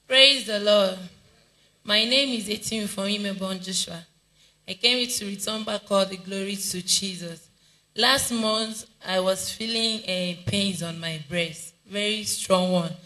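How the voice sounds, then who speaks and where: A man with a Nigerian accent giving an earnest, halting church testimony. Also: sits high, bright, forceful tone, poor audio. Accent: Nigerian English.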